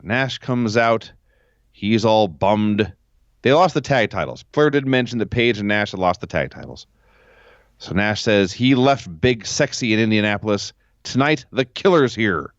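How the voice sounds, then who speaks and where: A man co-hosting a podcast from home, recapping events in a sarcastic, deadpan way during casual chat. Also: fairly low pitch, moderate pace, dry recording, highs cut off. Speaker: podcast co-host.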